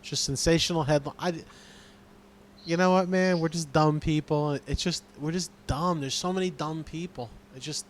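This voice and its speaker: A man co-hosting a podcast, chatting in a relaxed, blunt and profane way. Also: on the high side, normal speed. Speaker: podcast co-host. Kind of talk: casual chat.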